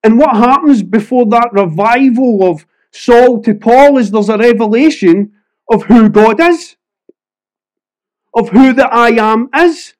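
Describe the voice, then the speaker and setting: A Scottish man preaches in an earnest, conversational way, sharing personal testimony with frequent restarts. His voice sits notably high for a man. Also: a little slow.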